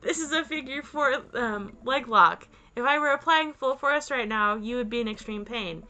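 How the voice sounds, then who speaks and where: A woman voicing a strong, calm man who coaches wrestling holds in a dating game, in a steady, teasing manner. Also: on the high side, normal speed, lo-fi sound.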